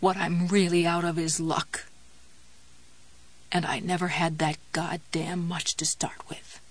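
A woman's voice: on the low side, level tone, normal speed, natural voice. A woman voicing a desperate, trapped woman who mutters and moans defiantly through clenched teeth. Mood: bitter.

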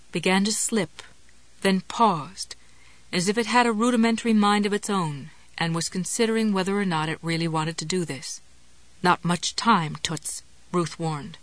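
A woman reading a novel aloud as an audiobook narrator, in a measured storytelling delivery. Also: mid-range voice, no room sound. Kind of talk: scripted narration.

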